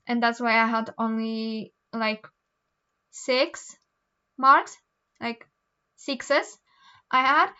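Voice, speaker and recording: A woman's voice: high voice, slow, sharp tone, clean tone, highs cut off. A teenage girl with a Polish accent, rambling casually through homework with lots of ums and restarts. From Poland. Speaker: vlogger. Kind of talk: casual chat while doing homework.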